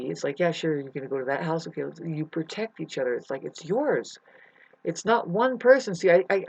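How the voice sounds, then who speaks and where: A woman's voice: on the low side, no echo. Woman rambling a spiritual monologue, muffled. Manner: rambling, searching, talks to the viewer as "babes". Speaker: vlogger. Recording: muffled lo-fi audio.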